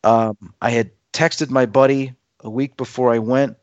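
Guest, male, 50s, animated storyteller who acts out dialogue; mid voice, dry close sound. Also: mid-range voice, unhurried, dry recording, dull audio. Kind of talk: casual storytelling in conversation.

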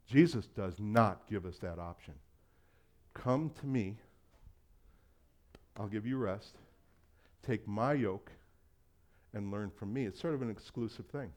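A man's voice: fairly low pitch, unhurried, pauses often, darkish tone. A male pastor giving a conversational sermon, acting out quoted voices and laughing often.

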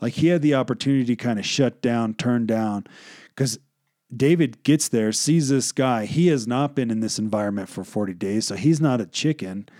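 A man's voice: mid-range voice, moderate pace, mellow, no room sound, clean studio sound. A young man casually teaching a Bible passage, retelling the scriptures in slangy modern talk.

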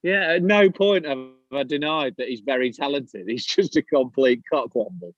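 A man's voice: mid-range voice, animated, normal speed, dull audio. A man co-hosting a podcast, blunt and wry with plenty of swearing. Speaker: podcast co-host. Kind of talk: casual chat.

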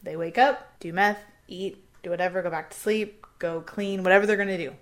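A young woman talks through a true-crime case in a loose, chatty way, dropping into quick snatches of other people's voices and letting the swear words fly. She sounds relaxed and unscripted, like she is telling a friend the story. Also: lowish voice. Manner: conversational, quotes people with bits of voices, swears freely. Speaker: podcast co-host.

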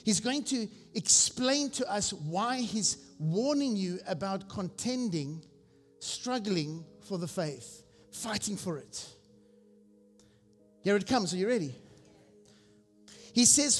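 A senior pastor preaching a sermon, exhorting the congregation and asking them questions. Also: male voice, sits high. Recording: long reverb with faint music.

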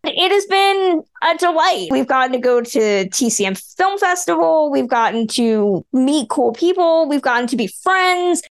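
A woman's voice: high voice, expressive, a little slow, hardly any pauses. A woman hosting a podcast, chatting casually and a little emotionally about old films. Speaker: podcast host.

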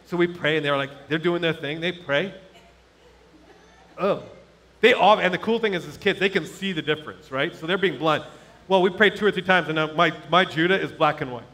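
Middle-aged pastor guy preaching, high bright voice, goes from hushed to shouting, big hall echo. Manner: animated, candid, swings from hushed asides to shouting. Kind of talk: sermon storytelling. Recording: long hall reverb.

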